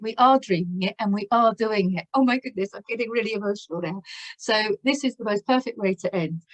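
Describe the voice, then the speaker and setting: A woman with a voice of ordinary middle pitch, talking warmly and effusively through a spiritual tarot reading. She exclaims in wonder and laughs often between her points. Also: rough recording. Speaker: tarot reader.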